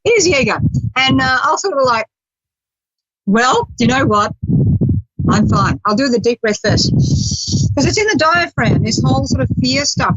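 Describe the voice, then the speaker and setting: A woman's voice: on the high side, fairly bright tone, no echo. A woman hosting a spiritual talk radio show, chatting casually, laughing often and acting out quoted voices. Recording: dull lo-fi radio audio.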